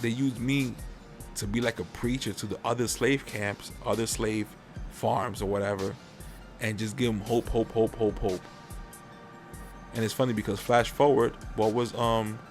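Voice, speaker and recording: A man's voice: fairly low pitch, fairly even intonation, normal speed, faint music behind. A man hosting a podcast in casual chat, rambling and swearing freely as he airs his opinions. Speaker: podcast host.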